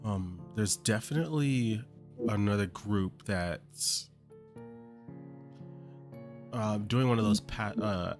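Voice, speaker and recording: Deep male game master, hesitant narration, guitar music underneath. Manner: hesitant, many ums and uhs.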